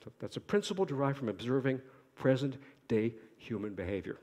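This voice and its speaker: Quick-talking man lecturing in a reverberant hall. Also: mid-range voice, sing-song, darkish tone. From Boston, United States. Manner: quick-talking with restarts and wry self-addressed asides. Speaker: conference speaker, archaeologist. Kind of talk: academic conference lecture.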